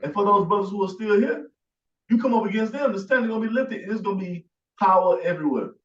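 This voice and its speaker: A man preaching hard, pressing each point and driving it home, his voice set a little high. He sounds far from the mic in an echoing room, and the recording is dull. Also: fast. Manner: forceful, repeats "man" and "you see". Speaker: teacher. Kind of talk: emphatic preaching commentary. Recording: echoey, distant, dull sound.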